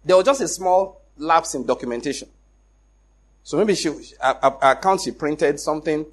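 A middle-aged Nigerian man with a Nigerian accent, telling a personal story in an animated way, acting out the dialogue and laughing often. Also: a little high, moderate pace. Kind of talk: casual storytelling.

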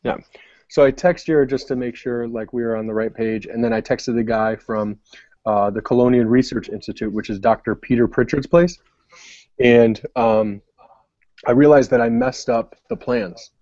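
A man's voice: mid-range voice, fairly even intonation, normal speed, dark tone, dry recording, muffled recording. A young adult man telling a long story in casual podcast chat, rambling with many fillers. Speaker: podcast co-host.

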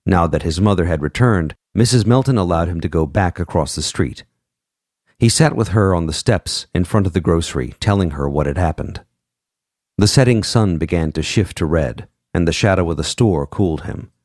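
Deep-voiced man narrating an audiobook. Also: dry recording, clean studio sound. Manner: measured and expressive, voicing every character.

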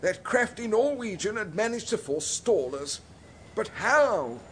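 A man's voice: sits high, big pitch swings, measured pace, slight background noise. A man playing a pompous, easily offended polar expedition captain in a comic history sketch. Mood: indignant. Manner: indignant, stiff-upper-lip bluster.

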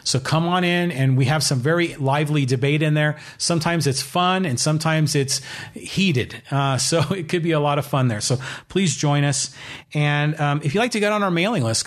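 A man hosting his own solo podcast, talking in an opinionated, rambling way with many fillers. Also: on the high side. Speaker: podcast host.

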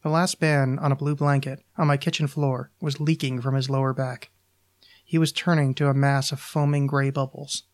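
A podcast host reading his own short story aloud in an even, measured way. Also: medium pitch.

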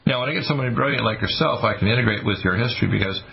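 Gravelly, intense man on talk radio. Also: medium pitch, very fast. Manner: intense, preachy and apocalyptic. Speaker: radio talk show host. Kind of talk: rambling talk radio monologue. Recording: muffled lo-fi radio broadcast.

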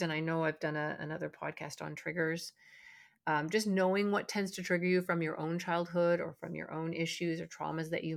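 A calm, reflective woman hosts a parenting podcast, pausing on fillers and circling back to restart her sentences. Her voice sits a little low and carries a noticeable gravelly fry. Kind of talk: casual podcast talk.

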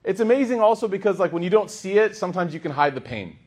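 A man's voice: high-pitched, fast talker, slightly rough. A man giving a humorous storytelling sermon as a religious teacher, acting out the people in his story. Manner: animated, humorous, acts out quoted voices.

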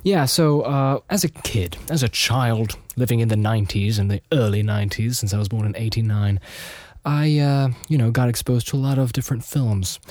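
A man's voice: medium pitch, moderate pace, a little mellow, no echo. A man hosting a podcast, telling a meandering personal story with many restarts and fillers. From United States and Austria. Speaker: podcast host. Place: studio.

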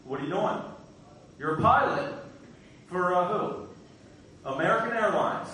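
A man's voice: high-pitched, expressive, unhurried, bright, forceful tone, a little hiss or hum. A man doing stand-up comedy in a club, brashly teasing the crowd with crude jokes, heard from far off in an echoey room.

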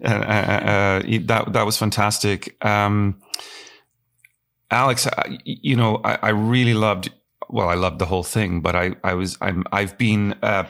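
A man hosting an interview who talks in an animated, halting way, stopping and restarting his sentences. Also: fairly low pitch, vocal fry. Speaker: podcast host, professor. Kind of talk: conversational interview.

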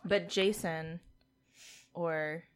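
A woman chatting casually on a podcast, gushing about attractive men and reacting quickly. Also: on the low side, steady tone. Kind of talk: casual chat.

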